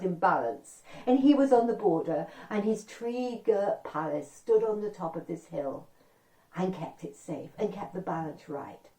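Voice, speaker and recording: A woman tells a folk tale to young listeners, her voice rising and falling in a lively way. She chats with them in asides. She is heard from some distance in an echoey room. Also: medium pitch. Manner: animated, chatty asides to listeners. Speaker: storyteller. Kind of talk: oral storytelling for children. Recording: echoey room, far from the mic.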